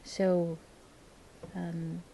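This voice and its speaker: A woman speaking hesitant, non-native English in a casual chat, often pausing to search for words. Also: lowish voice, level tone, gravelly, dark tone, slight background noise, poor audio. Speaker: host, English learner.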